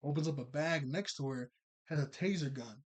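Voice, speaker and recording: A man casually recapping a cartoon episode, rambling and chatty, full of filler words and quick self-corrections. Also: on the high side.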